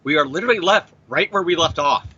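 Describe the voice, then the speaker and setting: A man's voice: a little high, animated, fast talker, pushed and bright, breathy edge, dull audio. A man co-hosting a comic book podcast, ranting in a profane, jokey way about the story. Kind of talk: casual comic review chat.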